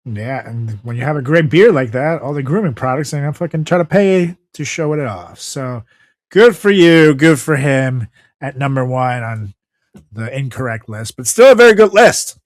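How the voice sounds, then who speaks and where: A man's voice: mid-range voice, animated, normal speed, no room sound, clean studio sound. A man co-hosting a podcast in brash, profane casual chat, hyping players and joking. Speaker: podcast co-host.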